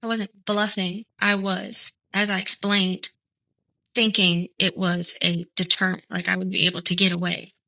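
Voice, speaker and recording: Brief: woman defendant giving hesitant courtroom testimony, bright tone. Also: lowish voice, little pitch movement, creaky, low-quality recording. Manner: hesitant, halting answers.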